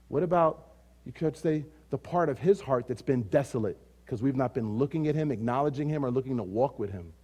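A man preaching a sermon as pastor. He rises to loud, emphatic declarations, drops to quiet, low asides, and repeats phrases in rhythmic runs. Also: fairly quick, slightly rough.

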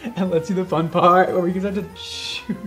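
A man's voice: high-pitched, fairly even intonation, normal speed, fairly bright tone, soft background music. A man hairstylist vlogging casually as he colors hair, with dramatic, exaggerated, self-mocking reactions.

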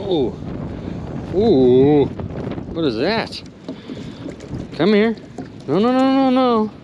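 A man hosting a magnet fishing vlog from a boat on a river, exclaiming excitedly and talking straight to his viewers. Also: sits high, very slow, muffled recording. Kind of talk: excited outdoor vlog narration. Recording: clear outdoor boat and water noise. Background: boat and water noise.

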